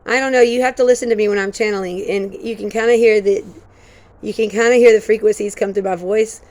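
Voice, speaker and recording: A woman vlogging in a rambling, excitable stream-of-consciousness monologue. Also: mid-range voice, fast talker. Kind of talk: casual monologue.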